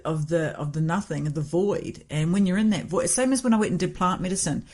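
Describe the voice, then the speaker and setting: Lively woman telling stories. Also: fairly low pitch, a little fast. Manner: lively storyteller who swears freely and laughs often. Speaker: podcast host. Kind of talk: casual conversation.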